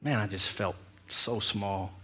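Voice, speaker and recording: A man's voice: fairly low pitch, slow, bright, forceful tone, slightly rough. A man preaching as a pastor, telling a personal story with humor and self-mocking asides. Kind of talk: storytelling sermon.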